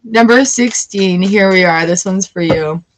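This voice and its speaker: A woman's voice: medium pitch, measured pace. A woman giving a live-streamed tarot reading in a chatty, emotional way, weepy and laughing often. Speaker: tarot reader.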